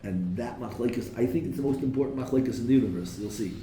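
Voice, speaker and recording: Man teaching a Torah class, mellow voice in an echoey room. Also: medium pitch, fast, recorded from a distance. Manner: questions the class, quotes verses in Hebrew then translates; slips in jokes. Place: classroom with a live audience. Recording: echoey room with faint noise.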